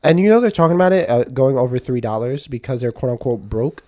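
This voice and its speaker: A young man from New York co-hosts a casual podcast and rants with animated energy, laughing often. His voice sits in a warm, mellow register at a middling pitch. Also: quick pace. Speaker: podcast co-host. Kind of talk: casual chat.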